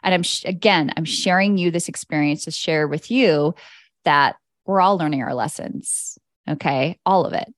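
A woman's voice: low voice, normal speed, no echo, studio quality. A woman hosting a podcast as an energy coach, talking in a casual, candid monologue. She swears freely and laughs often.

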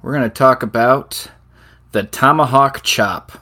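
A man's voice: medium pitch, a little slow, sharp tone. A middle-aged man co-hosting a casual chat, telling loose stories and laughing often. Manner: laughs often, rambling storyteller. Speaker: podcast co-host.

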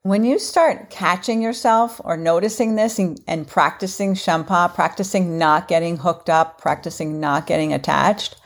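A woman's voice: on the low side, moderate pace, few pauses. A middle-aged woman hosting her own podcast, talking in an earnest, repetitive, self-reflective way. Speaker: podcast host. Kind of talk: casual solo podcast talk.

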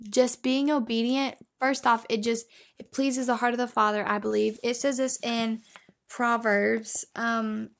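A woman's voice: on the high side, a bit bright. A young woman hosting a Christian devotional podcast in an earnest, encouraging way. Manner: earnest and encouraging, says "y'all". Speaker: podcast host.

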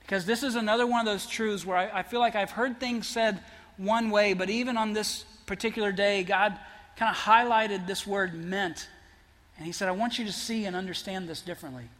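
A man preaching a sermon as pastor, earnest, building to emphatic peaks and then dropping soft. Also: high voice, fairly even intonation, fairly quick. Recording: long hall reverb.

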